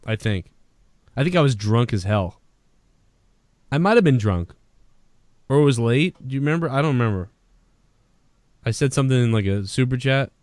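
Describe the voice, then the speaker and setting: A man's voice: medium pitch, animated, normal speed, pauses often, darkish tone, no echo, studio quality. A man co-hosting a podcast in casual, profane banter, rambling and laughing often. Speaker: podcast co-host.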